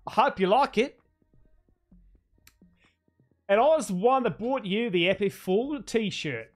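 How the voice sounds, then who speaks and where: Cheeky loud Aussie bloke voiced by a man, high and bouncy, lots of "mate". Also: animated, faint music behind. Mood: cheery. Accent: put-on Australian. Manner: shouty, slangy, drawn-out "mate".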